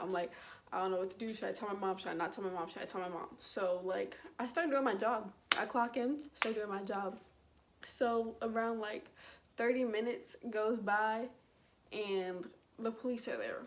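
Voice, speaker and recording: A young woman telling a story to camera in a chatty, animated way, with asides and laughs. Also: medium pitch. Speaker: vlogger. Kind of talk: casual storytime.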